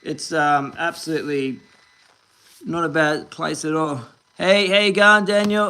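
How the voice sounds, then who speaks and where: An Australian man in his forties hosts a fishing livestream, his voice a little high, steady and unhurried, with a pushed, bright and clean tone. He chats in an upbeat, rambling way, reading out viewers' comments and greeting people by name.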